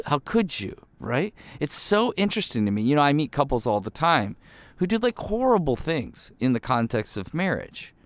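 A man talks through a devotional podcast with an earnest, emphatic delivery, his pitch swinging widely as he leans into key words. The sound is close and dry, with no room echo.

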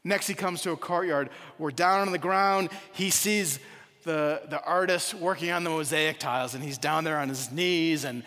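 A man's voice: a little high, moderate pace, sharp tone, big-room sound. A man giving a sermon as a rabbi, telling a story and then reflecting on it earnestly.

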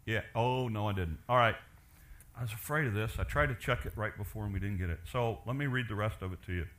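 A man's voice: fairly low pitch, quick pace, fairly bright tone. A man pastor delivering a sermon, explaining scripture in earnest, pleading tones. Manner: earnest, pleading preaching with rising emphasis.

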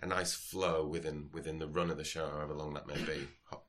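A man's voice: very deep voice, level tone, fairly quick, a bit bright. A man talking casually about performing, rambling with many restarts. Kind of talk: casual chat.

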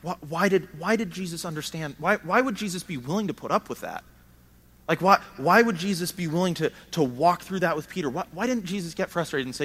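A male preacher with a slightly higher voice, speaking earnestly and casually. He often stumbles into repeated words as he builds his points. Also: expressive, a little fast, a bit bright, husky. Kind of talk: sermon.

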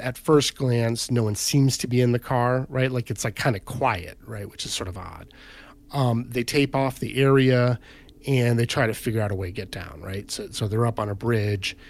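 A man's voice: medium pitch, darkish tone, no echo. Rambling man telling a story. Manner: rambling, filler-heavy, says "right?" and "like" often. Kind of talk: casual storytelling chat.

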